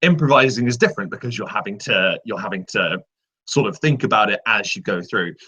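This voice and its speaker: Casting note: male guest voice actor, crisp bright tone, patient explainer who gives examples. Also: on the low side, expressive, fairly quick. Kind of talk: casual panel discussion.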